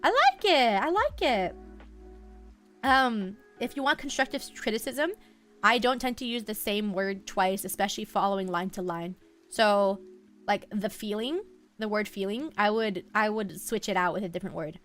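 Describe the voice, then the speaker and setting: A woman's voice: mid-range voice, animated, normal speed, a bit bright, faint music behind. A woman live streamer chatting casually and playfully with her viewers, giggling as she reacts.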